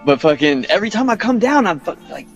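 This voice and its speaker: Rambling, cursing guest with a slightly high voice. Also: male voice, big pitch swings, quick pace, dull audio, faint music behind. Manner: rambling, swears a lot, trails off quietly. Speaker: guest musician. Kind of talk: casual chat.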